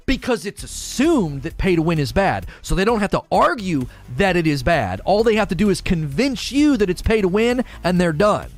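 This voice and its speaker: A man's voice: high voice, sing-song, normal speed, hardly any pauses. A man arguing and talking through a live stream, full of rhetorical questions.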